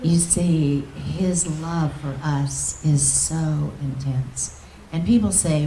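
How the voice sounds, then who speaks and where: A woman minister telling an emotional testimony in a storytelling manner, often dropping to a soft, near-whispered voice. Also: deep voice, slow, a little hiss or hum. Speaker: guest minister. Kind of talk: testimony preaching. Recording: echoey hall, distant mic.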